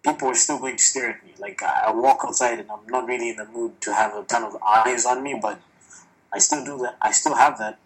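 A man's voice: medium pitch, steady tone, fairly quick, rough recording. A man chatting casually on a podcast, candid and profane, telling stories with animation. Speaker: podcast guest. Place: lives in China, recorded remotely or in a room.

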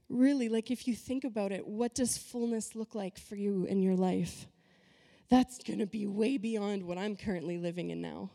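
A woman's voice: mid-range voice, vocal fry, warm tone, long reverb tail. A woman pastor giving a conversational, emphatic sermon full of rhetorical questions.

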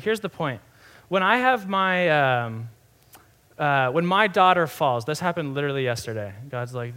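A young man, a pastor, giving a sermon in a conversational, animated way with many asides. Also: a little high, moderate pace.

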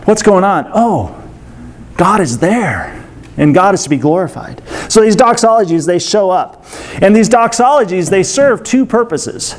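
A man with a notably high voice preaching in an easy, conversational way. He circles back to his main phrases and keeps asking the congregation questions, now and then breaking into a small laugh. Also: expressive, normal speed. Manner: repeats key phrases, asks rhetorical questions, laughs lightly. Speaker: pastor. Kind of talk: conversational sermon.

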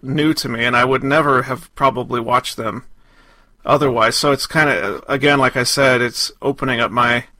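A man's voice: mid-range voice, steady tone, normal speed, sharp tone, no room sound. A man co-hosting a podcast, chatting casually and enthusiastically about a film, with frequent restarts. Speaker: podcast co-host. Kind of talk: casual chat.

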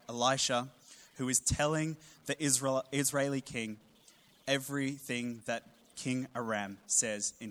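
A man, preaching a sermon with humorous storytelling and animated emphasis. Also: medium pitch. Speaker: pastor.

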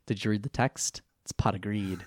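A man's voice: on the low side, steady tone, moderate pace. A man co-hosting a casual chat podcast, recapping an episode with frequent laughter and goofy character voices. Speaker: podcast co-host.

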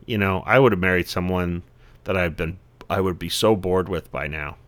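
Male podcast guest, 40s, lowish pitch, casual, reflective, fills every pause. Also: a bit bright. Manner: reflective, rambling, heavy on "you know" fillers. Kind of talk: casual conversation.

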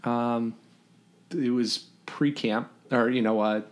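A man's voice: mid-range voice, slow. A man in his forties, a podcast guest, telling old camp stories in a casual chat, laughing often and filling gaps with ums. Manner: animated storyteller, laughs through anecdotes, many fillers. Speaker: podcast guest, former camper and counselor.

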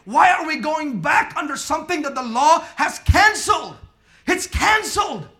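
A man preaching a sermon emphatically, using call and response, swinging between quiet talk and shouting. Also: extremely high pitch, expressive, moderate pace. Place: church with congregation.

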